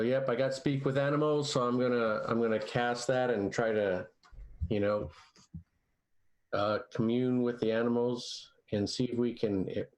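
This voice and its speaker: A man's voice: medium pitch, poor audio. A man playing in a tabletop game, talking casually and hesitantly with many fillers. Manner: hesitant, full of uhs. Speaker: player.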